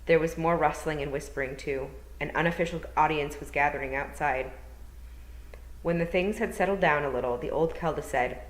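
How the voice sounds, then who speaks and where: A woman reading a novel aloud for a school storytime in a calm, measured way. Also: sits low. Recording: roomy echo.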